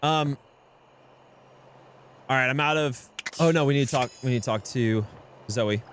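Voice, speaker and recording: A young man live streaming a game, excitable, swearing and often shouting. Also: medium pitch, normal speed, a little hiss or hum. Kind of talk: live gameplay streaming with voice chat.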